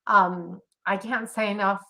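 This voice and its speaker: A woman's voice: mid-range voice, steady tone, a little slow, vocal fry, a crowd in the background. A woman hosting the event and giving an earnest, admiring tribute to her mentor. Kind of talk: heartfelt tribute.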